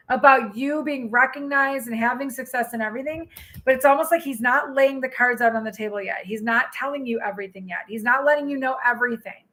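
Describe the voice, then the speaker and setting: High, bright-voiced woman tarot reader. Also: low-quality recording. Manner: excitable, exclaiming and laughing. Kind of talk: live tarot reading.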